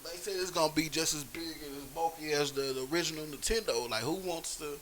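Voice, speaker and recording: A young man in casual podcast chat, animated and joking, swearing freely. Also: fairly high pitch, quick pace, slight background noise. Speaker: podcast co-host.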